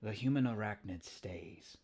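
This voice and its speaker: A man's voice: lowish voice, unhurried, darkish tone, slightly rough. A man voicing a grandiose male villain scientist in a solemn, pompous manner.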